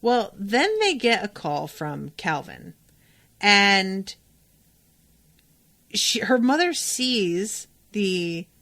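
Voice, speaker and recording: A woman's voice: mid-range voice, sing-song, extremely slow, long pauses, a bit bright. A woman hosting a casual podcast recaps an episode in an easy, chatty voice. She is opinionated and often breaks off to speak straight to the characters. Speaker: podcast host.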